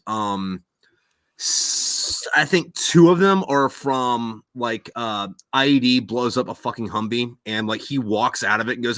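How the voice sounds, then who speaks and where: A man's voice: medium pitch, sharp tone, no echo. A man hosting a podcast, telling a rambling, profane war story in casual chat and acting out quoted voices. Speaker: podcast host.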